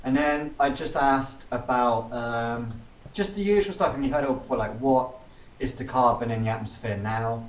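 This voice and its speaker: A man's voice: medium pitch, normal speed, slight background noise. A man, chatting casually and acting out the people he retells. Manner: animated storytelling, acts out quoted people. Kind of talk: casual chat. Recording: roomy, distant mic with faint ambience.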